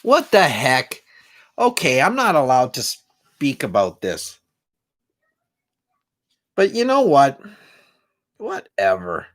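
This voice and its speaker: A man's voice: medium pitch, huge pitch swings, slow pace, long pauses, fairly bright tone. A man hosting a live stream as a singer-songwriter, chatting casually and jokingly between songs and reading viewer comments aloud.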